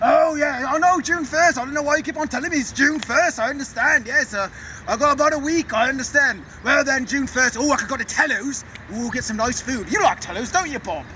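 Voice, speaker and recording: A man puts on a silly pirate with a very high, squeaky voice who rambles, forgets himself and chats to his rats. He sounds far from the mic, outdoors, with clear street and traffic noise around him. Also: fairly quick, bright, forceful tone. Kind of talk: improvised comic pirate character sketch.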